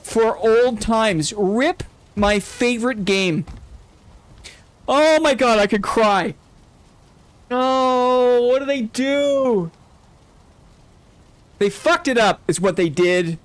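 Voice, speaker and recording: Excitable high-voiced male streamer. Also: slow pace, pauses often. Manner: excitable, gushing, laughs often. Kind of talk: live gameplay commentary.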